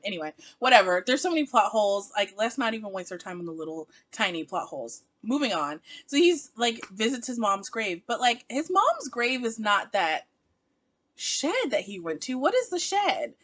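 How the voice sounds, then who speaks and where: A woman reviewing a TV episode in a casual vlog, chatty and exasperated, laughing often. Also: fairly high pitch. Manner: animated, laughing, exasperated asides. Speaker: TV show reviewer.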